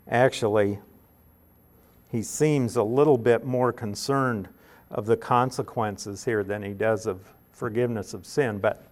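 Male Bible teacher, mid pitch, careful explanatory delivery, slows on key words.

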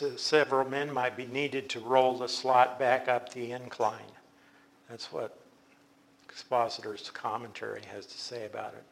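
A man teaching a Bible study, explaining patiently and often restarting his sentences. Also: mid-range voice. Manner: explanatory, unhurried, with frequent restarts.

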